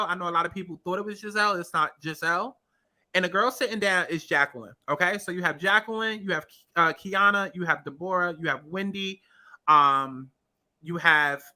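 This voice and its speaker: A commentary vlogger with a fairly low, pushed and bright voice reacts to a reality-TV clip while scrubbing through it. Casual and profane, she speaks straight to her audience and restates points to drive them home.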